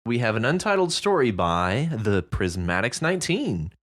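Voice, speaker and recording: A woman's voice: extremely low pitch, big pitch swings, normal speed. A woman co-hosting a podcast, chatting casually about submitted stories in an easygoing, reflective way and laughing heartily. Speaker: podcast co-host.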